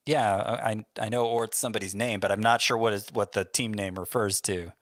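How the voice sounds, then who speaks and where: A man's voice: fairly low pitch, steady tone, a little fast, dry recording, studio quality. A man co-hosting a sports podcast in casual chat, making wry, understated remarks. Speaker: fantasy baseball podcast co-host.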